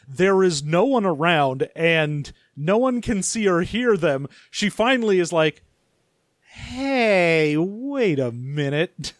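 A man's voice: high-pitched, measured pace, hardly any pauses, no room sound, clean studio sound. A man co-hosting a podcast, bantering and laughing through a story recap. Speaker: podcast co-host. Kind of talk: casual comedic book recap.

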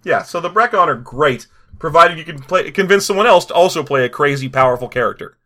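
Guy riffing on a tabletop game with a friend, bright voice, lots of laughs. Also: on the high side, animated, fast. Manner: laughing, joking, frequent restarts. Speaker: podcast co-host. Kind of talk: casual chat about a tabletop game.

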